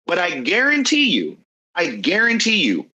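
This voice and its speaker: Lively-pitched young male podcast host. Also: moderate pace, dull audio. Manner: earnest and emphatic, repeating phrases for stress. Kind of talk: casual podcast conversation.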